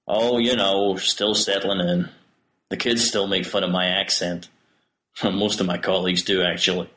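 A man's voice: deep voice, level tone, a little slow, bright, forceful tone, roomy sound, a little hiss or hum. A man voicing a jovial young teacher with a Southern American drawl.

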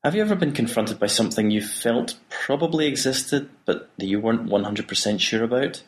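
A man voicing a troubled priest who speaks quietly and subdued. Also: medium pitch, animated, a little fast, voice pushed up, natural voice. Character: troubled middle-aged male priest.

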